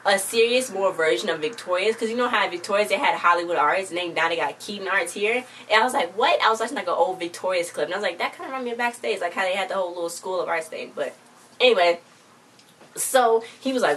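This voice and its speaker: Fast-talking woman recapping a show. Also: on the low side, lively intonation, a bit bright, recorded from a distance. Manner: chatty retelling, acting out quoted lines. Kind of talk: casual episode recap.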